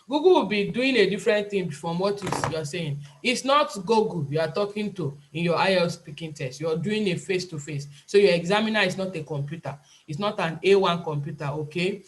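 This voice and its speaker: A Nigerian woman tutoring a class over a video call, talking in an emphatic, pleading way and often repeating herself. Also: fairly low pitch. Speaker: IELTS tutor and nurse. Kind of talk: online class lecture.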